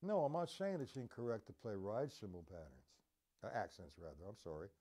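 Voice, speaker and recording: A man's voice: lowish voice, wildly swooping pitch, brisk, mellow. A man teaching drums on a live stream, talking casually and counting out beats as he demonstrates. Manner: casual, demonstrative, counts beats aloud and scats drum sounds. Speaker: drum teacher. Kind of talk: live-streamed drum lesson.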